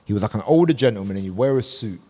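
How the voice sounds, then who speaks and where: A man, a podcast co-host chatting casually and telling animated stories, swearing freely and acting out voices. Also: on the low side, rapid-fire. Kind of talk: casual chat.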